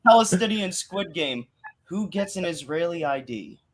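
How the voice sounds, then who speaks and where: Joking man, fairly high voice. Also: moderate pace. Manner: animated, comic storyteller. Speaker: podcast guest. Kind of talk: joking anecdote telling.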